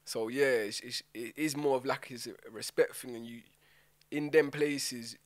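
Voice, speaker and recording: A man's voice: mid-range voice, steady tone, moderate pace, no echo. A young man talks through his prison days in an easy, slangy way. He leans on phrases like innit and you know what I'm saying. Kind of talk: casual storytelling chat.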